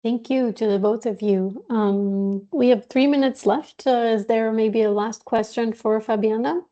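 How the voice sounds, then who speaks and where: A woman's voice: on the high side, fairly even intonation, a little slow, dark tone. A woman moderating an online session, polite and facilitating. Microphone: video call. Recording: muffled lo-fi call audio.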